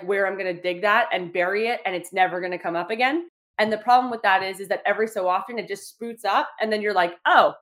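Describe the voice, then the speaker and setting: A woman's voice: mid-range voice, a bit bright. A woman hosting a solo podcast, talking casually with many "like" fillers and acting out little quoted exchanges. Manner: chatty, lots of "like" fillers, acts out quotes. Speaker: podcast host.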